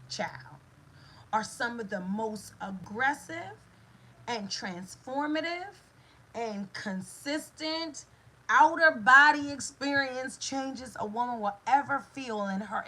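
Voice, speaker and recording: A middle-aged woman gives a motivational talk as a doula and manifestation coach. She repeats her phrases like a preacher and drops into lively asides. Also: on the high side, husky, low-quality recording.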